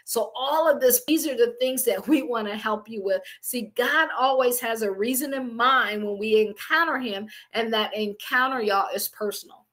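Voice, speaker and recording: A woman giving an energetic, casual motivational faith talk as a coach, preaching with slang. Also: fairly high pitch, moderate pace, few pauses.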